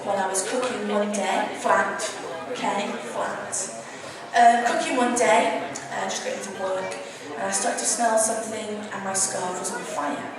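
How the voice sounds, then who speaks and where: A woman's voice: mid-range voice, fairly even intonation, measured pace. A woman introducing herself to an audience, bubbly and self-mocking, pulling the crowd in, recorded from far off in a large hall. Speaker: chorus leader and saxophonist. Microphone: camcorder far from the stage. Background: audience chatter and room noise.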